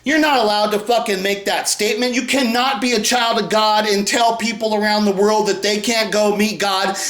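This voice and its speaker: A man with a high voice rants furiously and swears nonstop, now and then erupting into shouts. He sounds like he is in an echoey room. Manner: aggressive, profane, shouting bursts. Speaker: commentary video creator. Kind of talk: angry profane rant.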